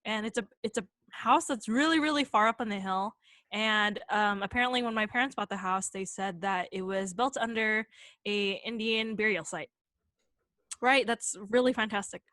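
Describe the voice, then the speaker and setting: A woman's voice: mid-range voice, moderate pace, fairly bright tone, no room sound. A young woman from San Jose telling a ghost story casually on a podcast, chatty and full of fillers. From San Jose, California. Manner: chatty, many fillers and quoted voices. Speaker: podcast co-host.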